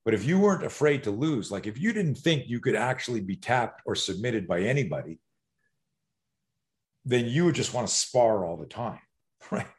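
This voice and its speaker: A man who coaches fighters, telling stories in a loose, animated conversation, swearing now and then and restarting his sentences. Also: mid-range voice, normal speed. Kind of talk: casual podcast conversation.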